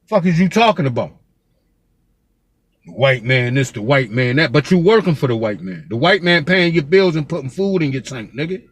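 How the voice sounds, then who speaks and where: A man's voice: medium pitch, lively intonation, moderate pace, slightly rough, no echo. A man from Pennsylvania giving a fiery, profane street vlog rant as a local commentator, with the same curse repeated throughout.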